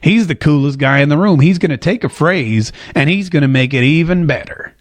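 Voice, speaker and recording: A man hosting a casual political commentary show to camera, animated and jokey, slipping into a drawl when he quotes someone. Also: a little high, fairly quick. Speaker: host. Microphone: talking to a camera.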